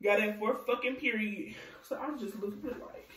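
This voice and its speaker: A young adult woman telling a casual storytime vlog, animated and profane, laughing often. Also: mid-range voice, brisk, distant mic. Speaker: vlogger. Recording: echoey room, voice off-mic.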